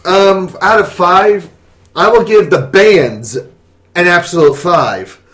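A man's voice: sits high, takes it slowly, fairly bright tone. A man chatting casually with friends about a concert, adding facts and dry asides. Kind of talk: casual chat. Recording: echoey room.

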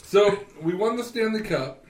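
A man's voice: high-pitched, animated, moderate pace, recorded from a distance. A man on a casual podcast, joking and laughing often as he talks. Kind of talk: casual chat. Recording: echoey room, off mic.

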